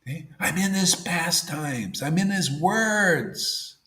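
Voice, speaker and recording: A man giving a devotional sermon in a casual way, saying 'see' and 'man', and swinging between loud emphasis and near-whispers. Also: a little high, lively intonation, takes it slowly, reverberant. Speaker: spiritual teacher.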